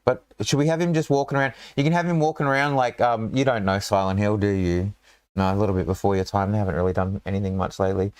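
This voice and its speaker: A man's voice: lowish voice, fairly even intonation, quick pace, a little mellow, clear, resonant tone, no echo, clean studio sound. A man with an Australian accent, chatting casually and joking as he draws a dungeon map, rambling with lots of fillers. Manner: rambling, joking, thinks aloud with many fillers. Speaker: dungeon designer and show host. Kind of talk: casual chat while drawing a dungeon map.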